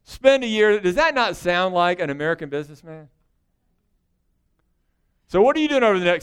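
A man preaching a sermon in a folksy, joking way, his voice swinging between loud bursts and hushed asides. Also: high-pitched, lively intonation, brisk, pauses often, smooth. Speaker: pastor.

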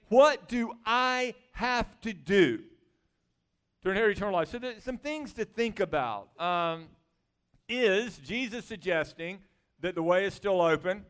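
High-voiced, smooth male preacher. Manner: conversational, animated preaching with rhetorical questions. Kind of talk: sermon.

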